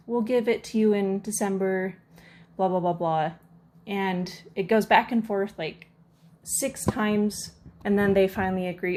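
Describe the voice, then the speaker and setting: A woman's voice: mid-range voice, measured pace, darkish tone. Frustrated woman venting to camera. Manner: frustrated, retelling a complaint with many fillers. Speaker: vlogger. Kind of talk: casual rant to camera.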